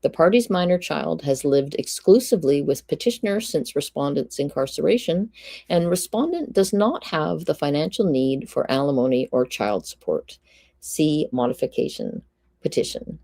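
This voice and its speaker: A woman's voice: sits low, lively intonation, normal speed, creaky, mellow, dry recording. A woman reading a court ruling aloud on a live stream, stopping now and then to greet chat and drop dry quips. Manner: reads legal text aloud, breaks off to greet chat and make dry quips. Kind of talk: live-stream read-through with asides to chat.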